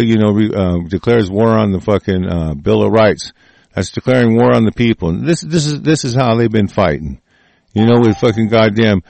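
A man in a profane, furious rant reacting to the news, full of halting restarts. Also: lowish voice, vocal fry, a little mellow, dry recording.

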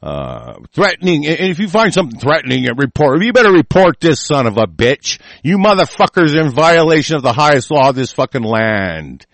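A man's voice: on the high side, very animated, brisk, vocal fry, few pauses, no echo. Profane, ranting American man, dry sound. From United States. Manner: profane, ranting, swings from muttering to shouting. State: sick. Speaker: online show host. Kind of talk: angry political rant.

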